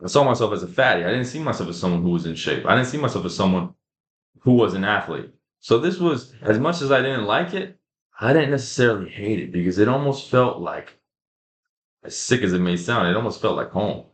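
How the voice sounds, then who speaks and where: A young man with a fairly low voice gives an earnest, casual motivational talk about fitness. He leans on repetition and slangy asides. The room is echoey and bare-sounding. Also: expressive, brisk. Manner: casual, repetitive, emphatic, addresses viewers as guys and bro. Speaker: fitness creator.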